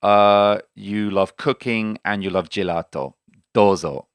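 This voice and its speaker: A man's voice: fairly low pitch, takes it slowly, smooth, no echo. A man hosting a language lesson podcast in an upbeat, jokey way, often stumbling over his words. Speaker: podcast host. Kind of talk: casual language lesson chat.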